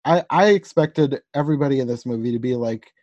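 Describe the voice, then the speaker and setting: A woman's voice: rumbling low, fairly quick, warm tone, no echo, muffled recording. Chatty young woman with a dry sound. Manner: chatty, rambling, frequent "like" and laughs. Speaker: podcast co-host. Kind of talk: casual chat reviewing a movie.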